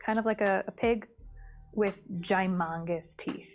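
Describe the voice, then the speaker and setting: A woman's voice: mid-range voice, steady tone, unhurried, muffled recording, soft background music. Cheerful woman giving upbeat encouragement. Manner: upbeat, encouraging, short affirmations. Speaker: comedy show co-host. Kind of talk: casual chat.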